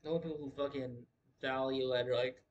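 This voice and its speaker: A man riffing on a wrestling show in a loose livestream, swearing freely and hammering the same point again and again. His pitch sits in an ordinary middle range for a man. The delivery is unscripted and emphatic. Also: steady tone, moderate pace, dull audio. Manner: profane, emphatic, repeats himself. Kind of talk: casual livestream commentary.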